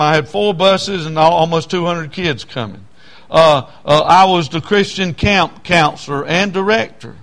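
A man preaching a storytelling sermon in a folksy, repetitive way that turns loud when he is stirred. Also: on the high side.

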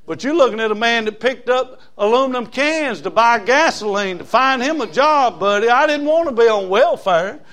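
Folksy preacher, high voice. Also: male voice, animated, moderate pace, few pauses. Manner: folksy preaching, swings from loud emphasis to low asides. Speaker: pastor. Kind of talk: sermon.

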